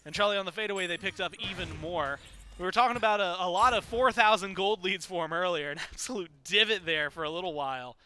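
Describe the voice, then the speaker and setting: A man giving excitable play-by-play commentary on an esports match, his voice climbing on the big plays. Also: sits high, fast, smooth. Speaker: esports caster.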